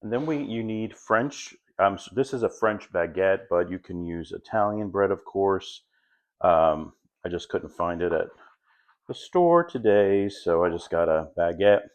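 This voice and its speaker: A middle-aged man with a very low voice runs a home cooking lesson. He talks slowly and easily, chatting his way through each step as he cooks. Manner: relaxed, chatty step-by-step instructions. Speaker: home cook host. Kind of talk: cooking demonstration.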